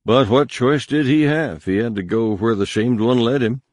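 A man narrating a story in measured scripted narration, giving harsh commanding voices to the characters. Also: medium pitch, dry recording, clean studio sound. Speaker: audiobook narrator.

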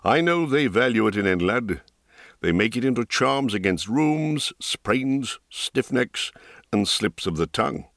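A man voicing a calm, dryly humorous older male wizard in a dry, close audiobook recording. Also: medium pitch, a little slow, dry recording. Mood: wry, calm.

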